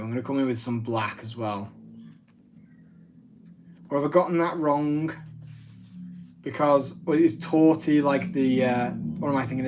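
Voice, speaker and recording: A man's voice: on the high side, darkish tone, a little hiss or hum. A man, hosting a casual live craft demo, chatty and self-deprecating with rambling asides. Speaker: craft livestream host.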